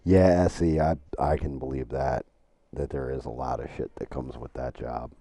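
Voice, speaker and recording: Very deep-voiced profane man streaming games. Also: fairly even intonation, normal speed, warm tone, no room sound. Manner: profane, storytelling, rambling with restarts. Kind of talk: casual live-stream chat while gaming.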